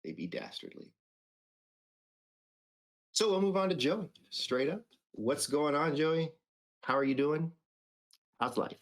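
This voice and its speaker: A man's voice: on the high side, expressive, slow, pauses often. A man hosting a casual weekly stream, greeting the group with dry jokey asides. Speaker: host.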